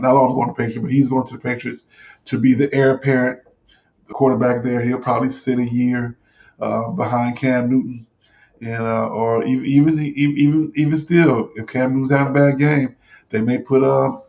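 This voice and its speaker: A man hosting a casual sports talk show, his voice gravelly with a mid-range pitch. He rambles through his points with frequent fillers and restarts. The recording sounds dull and lo-fi. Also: a little mellow.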